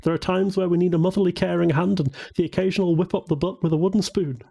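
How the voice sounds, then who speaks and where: A male narrator voicing a cheerful, excitable young woman with a bright, bubbly way of talking. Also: high voice, fast, creaky, voice pushed up.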